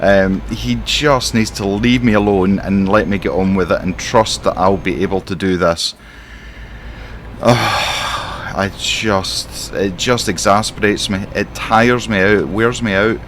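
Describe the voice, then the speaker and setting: Low-voiced Scottish man griping while gaming. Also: moderate pace, few pauses, slight background noise. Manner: rambling, exasperated griping. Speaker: simulation gamer playing a truck driver. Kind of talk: casual in-character game commentary.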